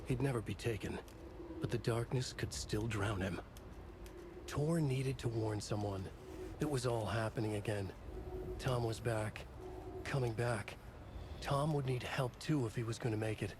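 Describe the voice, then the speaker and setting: A man's voice: medium pitch, unhurried, long pauses, natural voice. A man voicing a brooding game narrator. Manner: terse, brooding delivery. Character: grim male storyteller narrating a troubled old man. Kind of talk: scripted narration. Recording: game audio with clear background noise.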